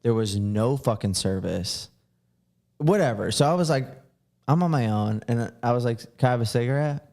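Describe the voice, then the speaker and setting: A man's voice: medium pitch, lively intonation, moderate pace, darkish tone. A man hosting a podcast, telling a long story in a casual, rambling way with lots of fillers and swearing. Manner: rambling, swears freely, many filler likes. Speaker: podcast host.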